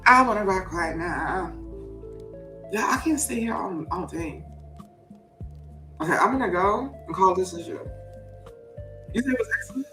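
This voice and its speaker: A playful woman host chatting casually, laughing often and toying with accents. Her voice sits mid-pitch in an echoey room with faint music underneath. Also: animated, moderate pace, long pauses, recorded from a distance. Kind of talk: casual live show chat.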